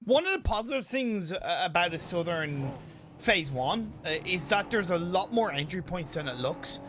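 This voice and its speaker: A man's voice: high voice, animated, moderate pace, a bit bright, faint music behind. A man from Ireland with an Irish accent, commentating live on a mobile game tournament and teasing his co-caster in banter. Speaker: esports caster.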